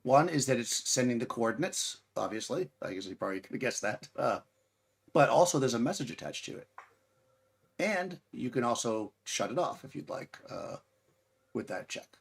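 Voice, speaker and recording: A man's voice: mid-range voice, expressive, normal speed, gravelly, husky. A man running a tabletop game as game master, explaining rules and correcting himself as he goes.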